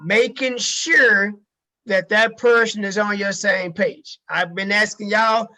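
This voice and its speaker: Man, high voice, bright and forceful tone, sales trainer, emphatic, repeats himself, casual swearing. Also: slow pace. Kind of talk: casual training talk to a group.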